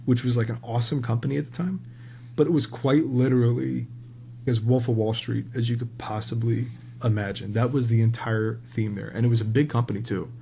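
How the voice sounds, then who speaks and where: A man guest on a podcast, telling a casual, animated story and swearing freely. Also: medium pitch, fairly quick, vocal fry, slight background noise. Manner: animated, swears freely, acts out quoted people.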